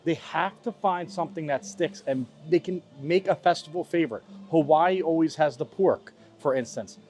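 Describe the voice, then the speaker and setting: A young man hosts a casual food review vlog outdoors at a theme park festival, complaining in a playful, dramatic way. His voice is on the high side with a darkish tone and a moderate pace, with soft music in the background.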